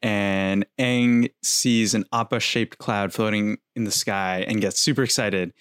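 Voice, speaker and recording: A man's voice: on the low side, steady tone, a little slow, a bit bright, clear, resonant tone, dry recording, clean studio sound. A young man co-hosting a podcast, easygoing as he retells scenes with quoted lines. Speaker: podcast co-host. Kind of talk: casual recap narration.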